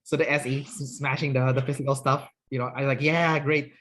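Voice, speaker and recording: A man interviewing a guest in a relaxed, conversational way. He pauses often, fills gaps with small hesitations and checks in with quick tag questions. His pitch sits in the middle of the male range. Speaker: interviewer and personality trainer. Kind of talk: casual interview chat.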